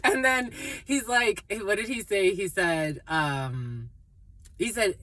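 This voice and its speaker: A woman doing a casual, rambling intuitive reading, playful and quick to laugh. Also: medium pitch, pushed and bright. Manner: rambling, playful, laughs often, terms of endearment. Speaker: psychic tarot reader.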